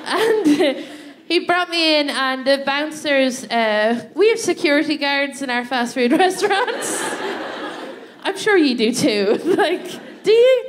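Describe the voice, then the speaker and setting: A woman's voice: sits high, lively intonation, takes it slowly. An Irish woman co-hosting a live comedy show, telling a story on a theatre stage with a chatty manner, laughing often and asking "right?" as she goes. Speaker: comedy podcast co-host.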